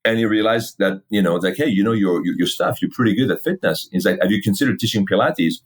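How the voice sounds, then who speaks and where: A middle-aged man, a fitness company founder, telling his story in a casual interview, animated, swearing freely and acting out old conversations. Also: fairly low pitch, fast. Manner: animated, swears freely, acts out past dialogue.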